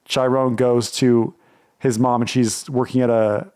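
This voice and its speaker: A man's voice: mid-range voice, little pitch movement, measured pace, mellow, clean tone. A man co-hosting a casual podcast chat, rambling and full of "like" and restarts. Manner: rambling, heavy use of "like", frequent restarts. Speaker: podcast co-host.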